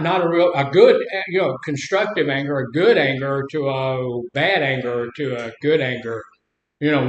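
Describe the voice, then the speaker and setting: Older man, folksy rambling storyteller, slightly high voice, roomy echo. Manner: folksy, rambling storyteller who acts out quotes. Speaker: speaker leading a talk on anger. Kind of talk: casual teaching talk with stories. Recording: echoey room.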